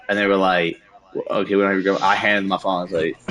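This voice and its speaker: A young man streaming a game, telling a story in a casual, animated rant full of slang and cursing. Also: sits low, a little fast, low-quality recording. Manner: animated, profane, slangy ranting. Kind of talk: casual storytelling while gaming.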